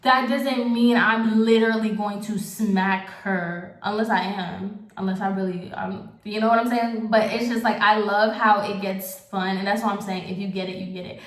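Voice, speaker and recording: A woman's voice: mid-range voice, steady tone. A young woman vlogger ranting in casual commentary, exasperated and sarcastic. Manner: exasperated, sarcastic, fast asides. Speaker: beauty vlogger. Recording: echoey room.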